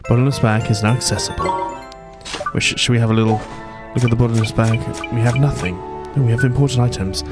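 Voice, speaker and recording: Speaking fast in a medium-pitched voice, this let's play host rambles through commentary on his own game playthrough, often stopping to correct himself. Game music plays in the background.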